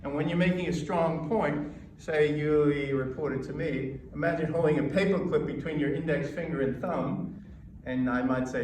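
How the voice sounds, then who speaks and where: An American man coaching an audience on presenting, emphatic and measured, pausing between points. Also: fairly high pitch, fairly even intonation, far from the mic, noisy background. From United States. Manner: emphatic, with pauses and demonstrations. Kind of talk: lecture to a live audience. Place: lecture hall. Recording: echoey hall recorded from afar.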